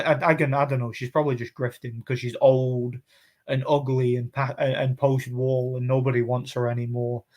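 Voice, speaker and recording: A man, hosting a casual live chat, rambling and mocking, laughing often between remarks. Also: mid-range voice. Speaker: channel host reading chat comments.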